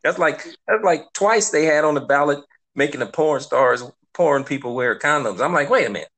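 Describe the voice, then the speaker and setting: A man's voice: a little high, normal speed, a bit bright. A man hosting a casual podcast, joking in an exaggerated way. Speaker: podcast host.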